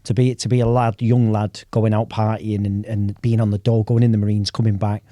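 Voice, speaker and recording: Mellow-voiced British podcast co-host. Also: male voice, lowish voice, little pitch movement, fairly quick, dry recording, clean studio sound. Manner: enthusiastic, reflective, uses British slang. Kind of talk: casual podcast chat.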